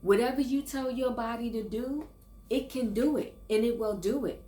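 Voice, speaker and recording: A woman's voice: fairly high pitch, normal speed, mellow, slight background noise. Earnest older woman vlogging in echoey room. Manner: earnest, encouraging, with restarts and stumbles. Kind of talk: casual faith and self-help vlog.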